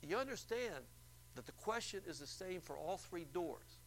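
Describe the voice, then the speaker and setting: An insistent male radio announcer, as a preacher puts him on, talking higher and louder than plain speech. He patiently spells everything out, as if he cannot believe the caller. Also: animated, moderate pace, slight background noise.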